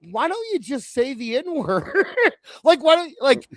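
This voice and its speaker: A man's voice: extremely high pitch, very animated, slow, no room sound. A man hosting a live wrestling talk show, laughing often and sarcastic. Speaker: podcast host. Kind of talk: casual live-stream banter.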